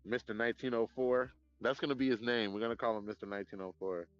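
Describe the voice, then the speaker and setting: A man live-streaming outdoors at night on his phone, chatting in a rambling, profane, animated way. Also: mid-range voice, fast, no room sound, highs cut off, faint music behind. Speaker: livestreamer. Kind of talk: casual live-stream chat.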